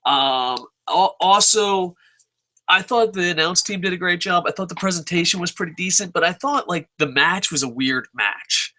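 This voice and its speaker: A man's voice: high voice, moderate pace. A man ranting casually and profanely as he reviews wrestling shows. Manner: profane and animated, mocking others in silly voices.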